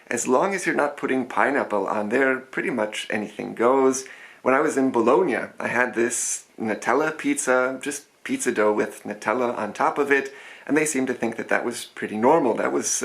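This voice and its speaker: A man's voice: mid-range voice, a bit bright. A man from the American Midwest hosting a casual comedic food vlog with dry, wry asides and a Midwest accent. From Chicago suburbs, American Midwest. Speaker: food vlogger host.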